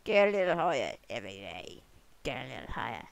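A young adult rambling jokily through gameplay commentary, breaking into sudden excited whoops now and then. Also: medium pitch, fast, gravelly, no echo, poor audio. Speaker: gamer recording gameplay commentary. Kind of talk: casual let's-play commentary. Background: other people talking in the room.

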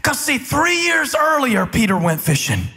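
A man preaching a sermon as pastor, building from quiet talk to impassioned shouting. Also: very high-pitched, huge pitch swings, moderate pace, breathy edge. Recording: large hall with long reverb.

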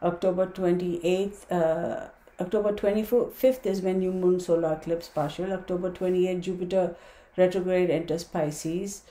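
A woman's voice: on the low side, fairly even intonation, normal speed, warm tone, reverberant. A woman giving a casual tarot and astrology talk, reading dates aloud and chatting with viewers. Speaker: tarot reader.

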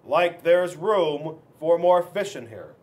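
A man, a school resource officer, reading a children's book aloud in an animated, expressive way. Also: fairly high pitch, slow pace.

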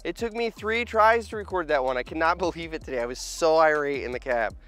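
A man's voice: fairly high pitch, lively intonation, a little fast, a bit bright, soft background music. A man operating heavy equipment, vlogging to a handheld camera on an outdoor job site, chatty and joking, tired after a long hot week. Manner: chatty, joking, self-deprecating. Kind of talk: casual vlog to camera.

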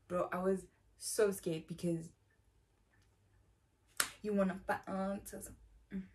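A woman's voice: fairly low pitch, steady tone, normal speed, long pauses, darkish tone. Rambling young South African woman. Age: young adult. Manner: rambling, slangy, says "bro" often. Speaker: YouTuber. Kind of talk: casual storytime.

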